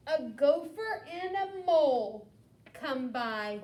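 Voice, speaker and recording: Young woman teacher, slow storybook read-aloud, expressive asides, faint hum behind. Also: high-pitched. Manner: animated, expressive, with asides to the children. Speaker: teacher leading a language group. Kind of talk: reading a picture book aloud to children. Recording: echoey room with faint background hum.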